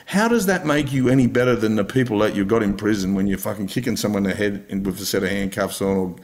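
A man's voice: lowish voice, fast. An Australian man, a podcast guest, telling blunt stories, swearing freely and laughing along. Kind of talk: casual storytelling interview.

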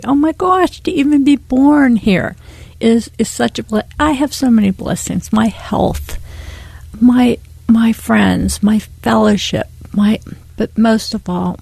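Husky, gravelly woman giving earnest testimony. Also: fairly high pitch, dark tone, dry recording. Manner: earnest and heartfelt, often near tears. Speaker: guest sharing a faith testimony. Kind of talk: emotional personal testimony.

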